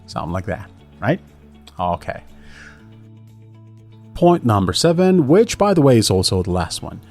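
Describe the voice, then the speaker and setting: A man's voice: lowish voice, a little slow, soft background music. A man hosting an English lesson podcast, talking casually and often asking "right?" while he acts out short example phrases. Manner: chatty, lively, fillers like right and you know, acts out example lines. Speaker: English teacher, podcast host. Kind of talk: casual instructional talk.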